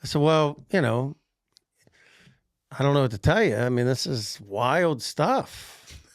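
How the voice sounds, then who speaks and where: A gravelly-voiced man telling a story on a podcast, swinging his pitch up and down as he acts out the people he quotes. He laughs often and keeps it casual, recorded close and dry with no room sound. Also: lively intonation, unhurried, dry recording. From Pennsylvania. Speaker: grocer telling a workplace story.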